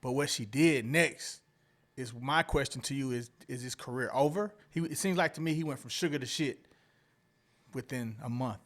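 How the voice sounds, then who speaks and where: A man's voice: medium pitch, normal speed, a bit bright. A man from Atlanta, co-hosting a casual podcast and recounting news with many hesitant "um"s. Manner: recounts a story with many "um"s and "I guess"es. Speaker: podcast co-host.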